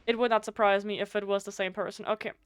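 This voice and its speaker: A woman whose first language is German, streaming a game live, reading its text aloud and thinking out loud, often stumbling over words and restarting. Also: mid-range voice, little pitch movement, fast, clear, resonant tone.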